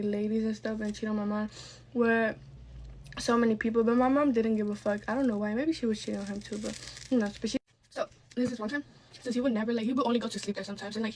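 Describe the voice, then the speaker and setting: Fast-talking young woman telling a storytime. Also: a little high. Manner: candid, swears freely, rambling asides. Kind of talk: casual storytime.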